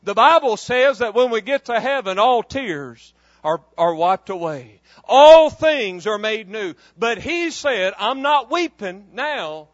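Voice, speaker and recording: A man's voice: extremely high pitch, big pitch swings, a little slow, fairly bright tone, no room sound, lo-fi sound. A man preaching a fervent, emphatic sermon full of repetition.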